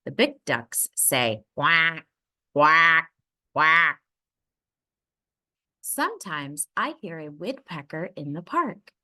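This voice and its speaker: Slow, lively woman reading a picture book. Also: low-pitched, breathy edge. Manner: expressive, voices the sound words playfully. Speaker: read-aloud storyteller. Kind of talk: children's picture book read-aloud.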